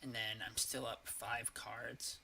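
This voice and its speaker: A man's voice: medium pitch, flat delivery, takes it slowly, vocal fry, bright, forceful tone, a little hiss or hum. A man casually commenting on his card game as he plays, thinking aloud with hesitations and the odd curse. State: has the hiccups.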